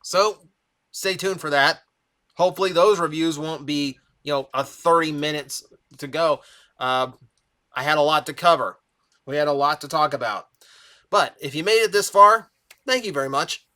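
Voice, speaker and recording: A young man reviews a cartoon in an eager, rambling way, his voice slightly raised and bright. It sounds a little strained from a long stretch of talking. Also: a little high, moderate pace. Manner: enthusiastic, rambling with fillers. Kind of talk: casual review commentary.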